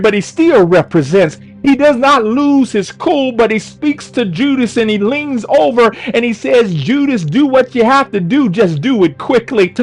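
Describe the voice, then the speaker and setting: Over faint background music and poor audio, a man with a very high voice preaches a fervent sermon. At its peaks his voice rises into cries.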